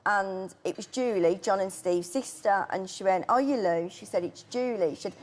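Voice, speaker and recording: Middle-aged woman, interview guest, emotional halting recollection, average pitch. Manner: tearful, halting storytelling. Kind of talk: emotional personal account.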